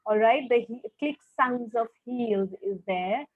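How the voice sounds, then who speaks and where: A woman's voice: on the high side, unhurried, dry recording. A woman teaching a literature lesson over a video call. She explains each passage step by step and keeps checking understanding with "all right". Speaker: English teacher. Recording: tinny phone-like call audio.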